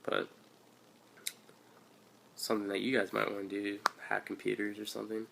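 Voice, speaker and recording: Lowish and monotone, his voice moves at a moderate pace with vocal fry and a bit of brightness, plus a little hiss or hum in the recording. He's an eighteen-year-old from Washington State, a vlogger casually rambling through a personal story with slangy asides for his channel, captured on a handheld camera or phone.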